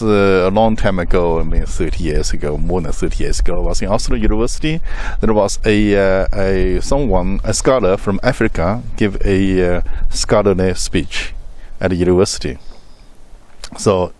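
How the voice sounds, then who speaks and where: Low-voiced man with a Chinese accent. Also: moderate pace, darkish tone, slight background noise. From China. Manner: storytelling with simple, broken grammar. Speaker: host. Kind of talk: casual conversation.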